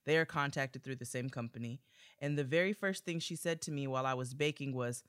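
A man co-hosting a podcast in casual chat, animated and joking as he reads a listener's letter aloud. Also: mid-range voice, fairly quick, clear, resonant tone, no room sound, studio quality. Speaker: podcast co-host.

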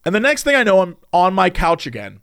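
Man, high voice, very lively pitch, casual storytelling, laughs a lot. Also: quick pace, clean tone. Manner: animated, acts out quoted voices, laughs often.

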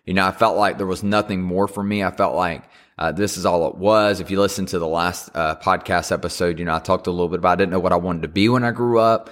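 A young man with a lowish voice gives an earnest Christmas devotional on his podcast. He talks haltingly, restarting phrases often, and closes in prayer. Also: fairly even intonation, a bit bright. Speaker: podcast host.

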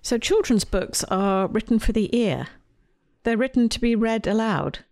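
A woman's voice: fairly high pitch, lively intonation, measured pace, a little mellow, no echo. A woman podcast host and children's author, telling a scripted story with dry humor.

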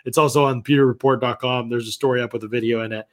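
A man co-hosting a sports podcast as a football analyst, talking casually and retelling stories with quick quoted lines. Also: mid-range voice, fairly even intonation, a bit bright.

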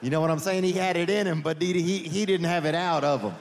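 Amid background noise in a reverberant theater with faint audience ambience, a man with a slightly high voice does stand-up at a quick pace. His set rambles through meandering digressions, peppered with "man" and "you know."

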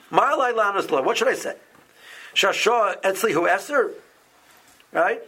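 A man leading an informal Torah class, often restarting phrases and growing lively as he explains. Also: high voice, moderate pace.

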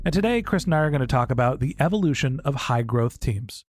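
A man's voice: mid-range voice, expressive, fast talker. A man in his forties from Silicon Valley, hosting a podcast interview in a casual, joking, tongue-in-cheek way. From Silicon Valley, USA. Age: 40s. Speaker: podcast host.

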